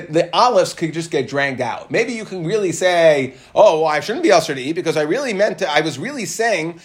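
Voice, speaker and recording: A man teaching a lively Talmud class, explaining the text and acting out what people say. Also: high-pitched. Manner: animated, acts out quoted speakers.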